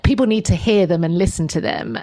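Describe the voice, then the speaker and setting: A woman who is a guest in an interview, speaking in a calm and reflective way. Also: fairly low pitch, a little fast. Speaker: guest, writer. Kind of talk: conversational interview.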